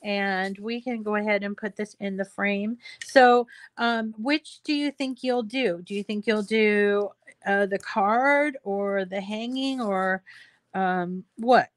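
A woman's voice: medium pitch, slow pace, no room sound. A woman talks her viewers through a craft project in an easygoing, rambling way, full of little fillers. She takes her time over each phrase. Her voice sits dry and close, with no room sound around it. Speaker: craft show host. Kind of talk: casual craft tutorial livestream.

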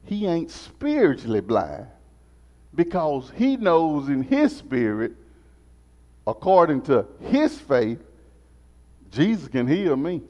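A man teaching a Sunday school lesson as a sermon, animated and repetitive in a call-and-response style. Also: on the high side, slow, pauses often. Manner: animated, call-and-response preaching, repeats phrases. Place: church sanctuary. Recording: muffled sound in a reverberant church.

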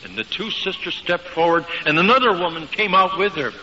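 Man, sermon, emphatic storyteller, dramatic pauses, dull lo-fi sound, faint background hiss. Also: high voice, expressive, sharp tone. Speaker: preacher. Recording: dull lo-fi recording with long hall reverb.

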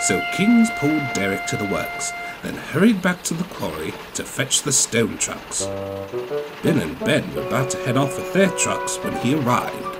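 A man narrating a storybook in a steady, lower telling voice. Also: moderate pace. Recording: music playing behind.

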